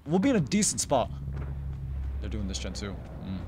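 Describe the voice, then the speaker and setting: A man giving live gameplay commentary, muttering under his breath and then yelling profane taunts at other players. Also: sing-song, normal speed, noisy background. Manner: mutters low, then bursts into loud taunting yells; profane, trash-talking. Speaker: gaming YouTuber.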